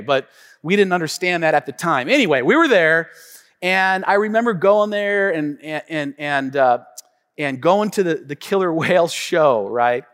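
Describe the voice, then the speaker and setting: High, lively male preacher in reverb. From Tacoma, Washington. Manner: animated storytelling preacher, calling out to the congregation. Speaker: pastor. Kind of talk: sermon. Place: church sanctuary. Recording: long reverb of a church hall.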